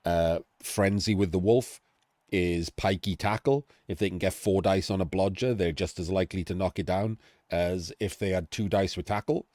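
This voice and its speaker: A middle-aged man with a deep, steady, slightly mellow voice talks through game analysis at a moderate pace, rambling and chatty, often stopping and restarting his sentences. The recording has no room sound and clean studio quality.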